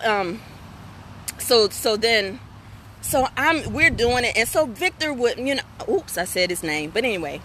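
A woman's voice: mid-range voice, a little hiss or hum. A middle-aged woman hosting a live women's talk stream, reading viewer comments and telling frank, folksy stories with asides to her audience. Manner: candid, folksy, animated storytelling with asides to viewers.

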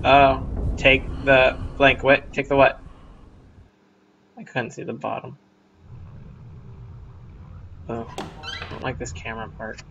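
A man giving casual, rambling, self-mocking let's-play commentary at home, with sudden loud outbursts. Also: mid-range voice, flat delivery, measured pace, gravelly, pauses often, muffled recording, noisy background. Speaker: gamer. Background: game music.

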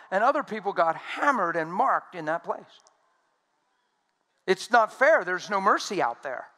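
A man preaching a sermon, telling stories emphatically and swinging between loud and hushed speech. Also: high-pitched.

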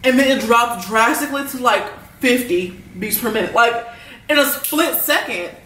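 A young woman, telling an animated, rambling storytime full of slang and filler words. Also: a little high, moderate pace, reverberant, distant mic, slight background noise, poor audio. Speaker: vlogger. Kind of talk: storytime while eating.

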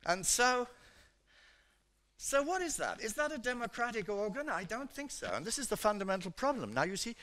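Lively older British professor lecturing. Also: male voice, high voice, moderate pace. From Britain. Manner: animated and chatty, frequent "you know" fillers. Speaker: economics professor giving a seminar talk.

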